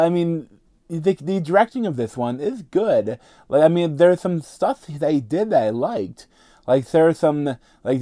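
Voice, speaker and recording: A man's voice: mid-range voice, dark tone, dry recording, studio quality. A man giving a casual, rambling movie review, full of filler words and restarts.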